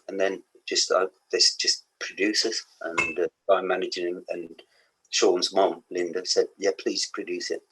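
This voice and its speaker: A man's voice: deep voice, fairly bright tone, husky, rough recording. A man in his sixties with a Black Country accent, rambling through anecdotes as a podcast guest. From England. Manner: rambling anecdotes with laughs and asides. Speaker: guest musician. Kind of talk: casual podcast interview.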